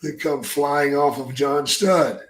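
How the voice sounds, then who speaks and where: A retired wrestler spins rough, cussing stories in a loose, rambling way. The man's voice sits fairly high for his sex. The sound rings around an echoey room. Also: steady tone, slow pace. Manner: gruff, profane, rambling anecdotes. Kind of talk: casual podcast storytelling.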